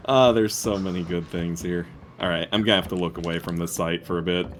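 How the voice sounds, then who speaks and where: A man's voice: deep voice, expressive, normal speed, noisy background. A young man streaming a game, chatting casually in a playful, giggly, self-mocking way.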